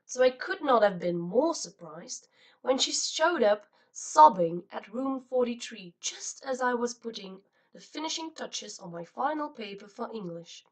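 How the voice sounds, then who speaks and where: A woman reading a novel aloud as an audiobook narrator, in an expressive, steady style. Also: fairly high pitch, measured pace, far from the mic, low-quality recording. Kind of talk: scripted narration.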